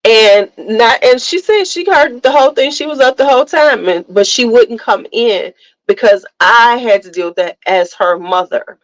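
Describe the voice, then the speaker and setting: This middle-aged woman hosts a casual motivational talk, her slightly high voice moving at a moderate pace as she tells candid stories and repeats points for emphasis. The low-quality recording has no echo.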